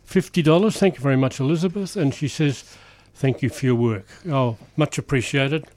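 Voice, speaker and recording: A man's voice: medium pitch, brisk, darkish tone, no room sound. A man co-hosting a radio show, easygoing, mostly giving short replies with some hesitation. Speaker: radio co-host. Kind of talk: casual on-air chat.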